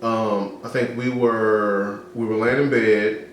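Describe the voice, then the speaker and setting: A man's voice: fairly low pitch, flat delivery, slow pace. Candid man in an echoey room. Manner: candid, storytelling, acts out dialogue. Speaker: co-host. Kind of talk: casual discussion. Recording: echoey room with faint noise.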